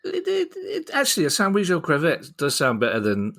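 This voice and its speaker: A man's voice: a little high, wildly swooping pitch, fairly quick, vocal fry, a bit bright. A man hosting a podcast in a playful, joking manner. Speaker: podcast host. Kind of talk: casual podcast chat.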